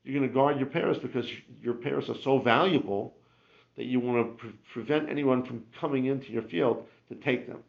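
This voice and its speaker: A man's voice: mid-range voice, fairly quick, gravelly. A man teaching a Talmud class, explaining with rhetorical questions and frequent restarts. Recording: muffled lo-fi classroom recording.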